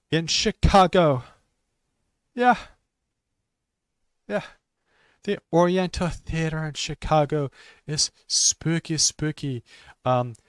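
An ESL teacher streaming casual talk for English learners speaks slowly with simple wording, many restarts, and fillers. His voice is a little high and smooth, in a dry, clean studio recording, and he sometimes trails off into quiet mutters while fixing his stream.

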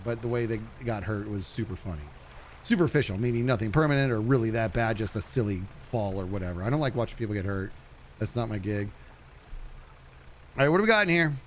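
Animated man streaming a game. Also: fast, a little hiss or hum. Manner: animated, chatty, jumps to high panicky yelps. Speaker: streamer playing a fishing game. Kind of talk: live game commentary.

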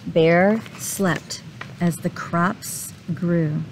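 A woman reading a picture book aloud to children, slow and expressive, stopping to ask her listeners questions. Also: fairly low pitch, background noise.

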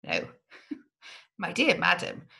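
A woman voicing a female prison servant with a lowered, confiding voice in a gothic storybook reading. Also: huge pitch swings, drawn-out words, creaky, pushed and bright, full character voice. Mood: urgent.

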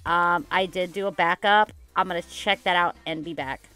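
A woman vlogging her gameplay casually, excitable and dramatic, rambling with lots of "like". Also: fairly low pitch, normal speed, clear, resonant tone. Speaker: gaming YouTuber. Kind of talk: casual game commentary vlog.

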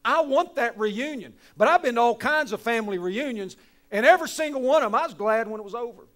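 Middle-aged male pastor, West Virginian accent, high-pitched, folksy preaching that swings between hushed and loud. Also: animated, fast. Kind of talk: sermon.

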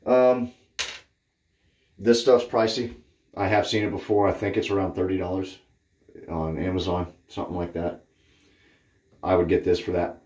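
A Cape Cod, Massachusetts shaving vlogger speaks in a low-pitched, slightly mellow voice with little pitch movement, a moderate pace, and long pauses. He gives a casual, blunt, rambling, candid review of a shaving product in his bathroom, where a roomy echo fills the recording.

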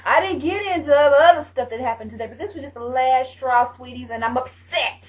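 A mother hosts a casual vlog in a high voice, chatting straight to her viewers. She talks in an emphatic, scolding way, leaning hard on her punchlines. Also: fairly quick.

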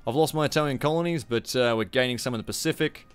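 Young Australian streamer on a mic, loose and foul-mouthed, with faint music behind him. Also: male voice, medium pitch, fast talker, clean tone. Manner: profane, rambling, joking. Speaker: game streamer. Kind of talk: live gameplay commentary. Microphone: streaming microphone.

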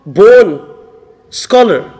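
A man's voice: high voice, lively intonation, very slow, a little mellow. A man preaching a sermon in a mosque, firing off rhetorical questions and repeating phrases for emphasis. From Australia. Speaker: sheikh giving a mosque lecture. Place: mosque hall. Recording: reverberant mosque hall.

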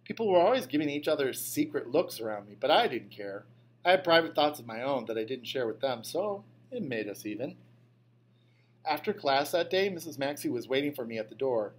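A man reading an audiobook as a first-person storyteller, in scripted narration that turns lively on a child's outbursts. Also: mid-range voice, fairly quick, breathy edge.

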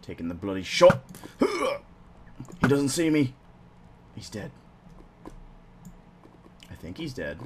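A man giving casual gameplay commentary as host, excitable, swearing casually and talking to himself. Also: mid-range voice, slow pace, long pauses. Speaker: let's play host. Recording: clear background noise.

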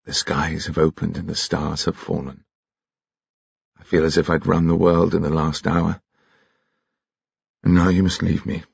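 A controlled police inspector speaks in a very deep, husky murmur, as a man voices him in an audiobook. His delivery is measured and intimate. The recording is dry and slightly muffled. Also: level tone, no room sound, full character voice. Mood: low, intimate.

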